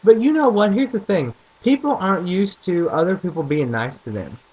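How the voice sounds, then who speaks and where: A man's voice: sits high, expressive, moderate pace, husky. A young man with a mild Southern accent, chatting casually and jokingly in a vlog, in a dull lo-fi recording. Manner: rambling, joking, a bit crude.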